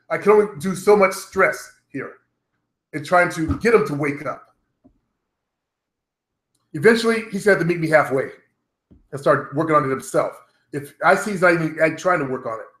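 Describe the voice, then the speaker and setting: A man's voice: fairly high pitch, moderate pace, pauses often, fairly bright tone. A middle-aged man vlogging at home, talking bluntly and profanely straight to his viewers in a loose, rambling monologue. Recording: roomy echo.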